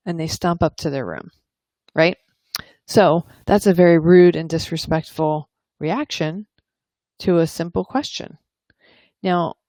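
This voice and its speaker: Woman, parenting coach, calm, earnest, lower voice, dry close recording. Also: dry recording. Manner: calm, earnest explaining that acts out example dialogues. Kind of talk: advice talk to camera.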